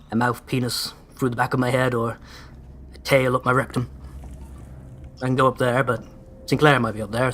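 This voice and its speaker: Male let's-play host, mid-pitched, sarcastic and crisply over-enunciated. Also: a little hiss or hum. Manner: sardonic, sweary, over-pronounces words. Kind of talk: casual gameplay commentary.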